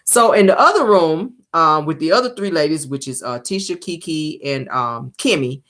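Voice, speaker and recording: A woman's voice: low voice, animated, normal speed, a bit bright. A woman recapping a reality show episode in a chatty, casual way, slipping into playful impressions. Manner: chatty, drops into playful impressions of cast members.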